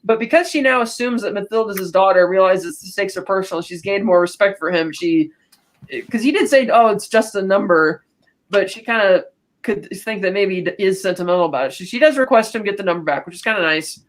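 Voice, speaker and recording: A woman's voice: medium pitch, animated, quick pace. Woman rambling through a film recap. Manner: rambling plot retelling with frequent restarts and fillers. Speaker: podcast co-host.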